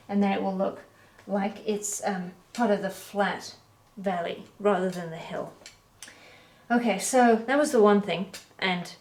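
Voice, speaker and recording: A woman giving a relaxed, chatty painting critique as an art teacher, correcting herself as she goes. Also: medium pitch. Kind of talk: painting critique, talking while pointing. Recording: echoey room.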